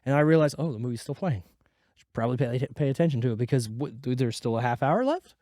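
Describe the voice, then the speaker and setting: A man's voice: medium pitch, animated, fast talker, warm tone, no room sound, studio quality. A man hosting a movie review podcast in casual chat, a little sick and congested, rambling and joking. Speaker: podcast host.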